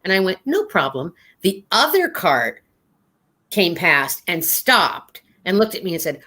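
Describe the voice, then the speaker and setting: A woman in casual chat, telling an anecdote in a lively way and acting out the other people's voices. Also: fairly low pitch, a little slow.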